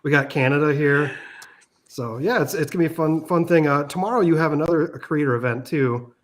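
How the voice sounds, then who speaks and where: A man's voice: on the high side, fairly quick. A man from Minnesota hosting a casual livestream, laid-back and loose with fillers. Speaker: livestream host.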